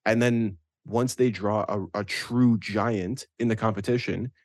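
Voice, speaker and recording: A man co-hosting a casual football podcast, opinionated and animated, often checking in with "right?". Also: fairly low pitch, a little slow, no room sound, studio quality. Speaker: podcast co-host. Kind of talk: casual sports chat.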